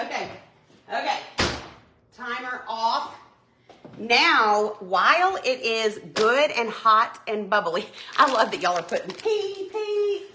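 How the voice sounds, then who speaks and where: A woman's voice: fairly high pitch, sharp tone, slight background noise. A young woman, chatting bubbly and friendly with viewers while cooking live in her home kitchen. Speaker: home cooking livestream host. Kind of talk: casual live cooking chat.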